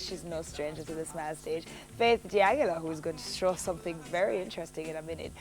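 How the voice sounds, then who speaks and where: A woman's voice: deep voice, brisk, faint music behind. Upbeat woman TV host. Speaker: TV morning show host. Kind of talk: TV show introduction.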